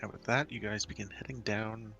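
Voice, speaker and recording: A man's voice: fairly low pitch, fairly even intonation, fairly quick, creaky, sharp tone, faint music behind. A man narrating as game master of a tabletop game, describing scenes with frequent restarts. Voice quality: hesitant, many restarts while describing scenes.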